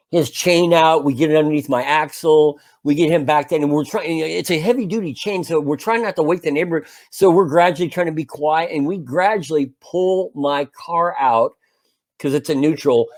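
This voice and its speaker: A man in his fifties casually telling a long anecdote as a podcast co-host, animated and full of restarts. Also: on the high side, moderate pace. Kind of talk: casual storytelling chat.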